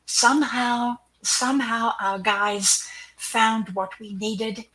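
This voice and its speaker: An older woman, a guest in an interview, telling a personal story with animation. She acts out the quoted dialogue and sometimes drops into a hushed aside. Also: a little high, steady tone, slow, poor audio.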